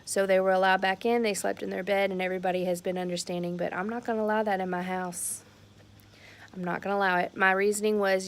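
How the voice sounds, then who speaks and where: A woman's voice: mid-range voice, level tone, fast. A woman in her thirties talks candidly and emphatically to the camera at home about a family incident. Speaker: vlogger, mother. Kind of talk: casual talk to camera. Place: at home, near a porch.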